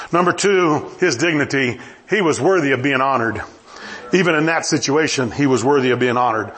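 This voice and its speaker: Animated male preacher with lively pitch. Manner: animated, acts out dialogue with rising pitch and humorous asides. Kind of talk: sermon.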